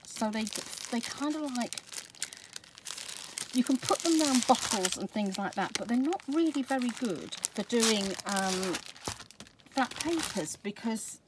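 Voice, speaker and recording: A middle-aged Scottish woman chatting through an unboxing of craft supplies, gushing with excitement and dropping to soft whispers over favourite pieces. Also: fairly high pitch, measured pace. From Scotland. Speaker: craft vlogger. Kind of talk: product unboxing chat. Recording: background noise with crinkling packaging.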